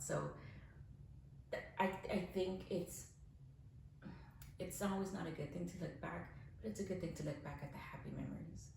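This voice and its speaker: A woman's voice: sits low, gravelly, slight background noise. Frank, echoey woman around forty. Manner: frank, swears freely, swings from soft reflection to animated laughing. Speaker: podcast guest. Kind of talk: candid conversational storytelling. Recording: very echoey room.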